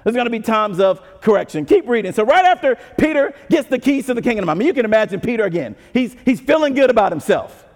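A man preaching a sermon as pastor, conversational and animated, with frequent asides to the congregation. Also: very high voice, fast, hardly any pauses. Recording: long hall reverb.

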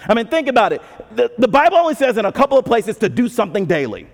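Animated preaching man, high voice. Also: fast talker. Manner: conversational, animated preaching with asides. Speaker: pastor. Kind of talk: sermon. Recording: long hall reverb.

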